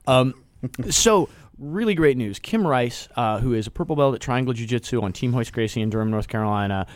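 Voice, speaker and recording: A man's voice: mid-range voice, lively intonation, brisk, no echo. A man hosting a casual local radio show, talking loosely with restarts and easy laughs. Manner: rambling, restarts, laughs easily.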